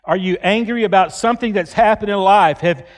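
Male pastor in his fifties, high voice, earnest pulpit delivery. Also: a little fast. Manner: earnest preaching, acts out quoted pleas loudly. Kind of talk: sermon. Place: church.

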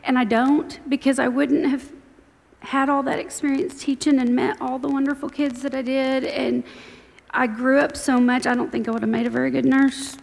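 Speaking in a large hall, a forties-aged woman with a high-sitting voice and vocal fry testifies before her church. She's chatty and warmly thankful as she tells her personal story.

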